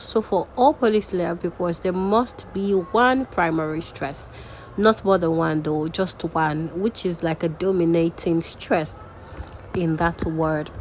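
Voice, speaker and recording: Slow, patient woman teaching. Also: on the low side, a little mellow, a little hiss or hum, poor audio. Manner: slow, patient, repeats example words aloud. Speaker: diction and grammar tutor. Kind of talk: recorded teaching lesson.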